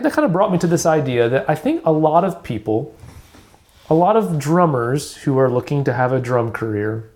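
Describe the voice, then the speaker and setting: A man's voice: a little high, a little mellow. A man from Alabama hosting his own podcast, talking candidly in a rambling way with many restarts and fillers. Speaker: podcast host. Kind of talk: casual solo podcast talk.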